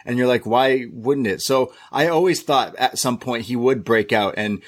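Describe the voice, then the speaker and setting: Man, casual podcast co-host, rambling, lots of "like", mid pitch. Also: moderate pace. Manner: rambling, filler-heavy with repeated words. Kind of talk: casual chat.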